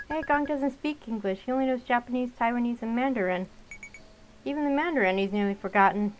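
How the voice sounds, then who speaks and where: A woman's voice: fairly high pitch, fairly quick, a little hiss or hum, poor audio. A young woman narrating a visual novel and chatting casually between lines, with fillers. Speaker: gaming channel host. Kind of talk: let's-play narration and casual commentary.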